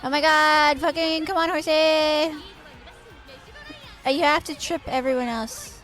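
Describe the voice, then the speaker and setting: A woman's voice: high-pitched, fairly even intonation, measured pace, a bit bright, faint music behind. A woman streaming a game, chatting casually with her viewers, cooing at and teasing the horses and swearing now and then. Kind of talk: casual live-stream chat while gaming.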